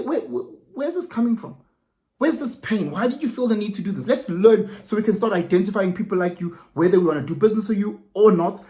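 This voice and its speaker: Animated South African man giving his opinions. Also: sits high. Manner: animated, repeats words and restarts, mixes in Zulu phrases. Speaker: vlogger commenting. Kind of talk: casual opinion monologue.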